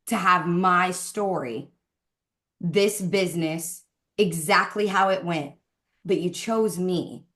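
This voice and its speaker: A woman's voice: lowish voice, a bit bright. A woman leading a Zoom call for her sales team, giving a fervent, preachy motivational talk about faith. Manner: fervent, preachy, speeds up and slows down for emphasis. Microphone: video call.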